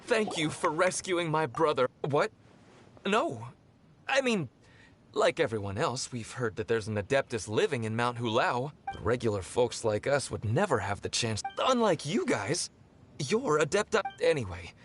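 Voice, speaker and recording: Man voicing a humble villager, earnest, polite, animated intonation. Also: medium pitch, moderate pace, soft background music, close to an everyday voice. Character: grateful common young man, humble. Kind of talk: game cutscene voice acting.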